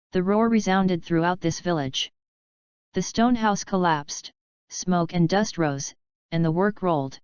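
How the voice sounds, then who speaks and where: A woman narrating a fanfiction audiobook in a flat, even reading, with a dull lo-fi sound. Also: lowish voice, smooth, no room sound. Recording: dull lo-fi dry recording.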